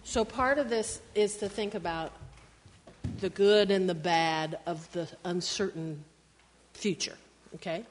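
A woman teacher reading a picture book aloud to children in a classroom. She tells the story in an animated way and acts out the sound effects. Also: lowish voice, a little slow, long reverb tail, slight background noise.

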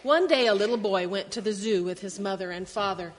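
A woman teacher reading a picture book aloud to children in a classroom. She tells the story in an animated way and acts out the sound effects. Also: mid-range voice, a little fast, in a large hall, a little hiss or hum.

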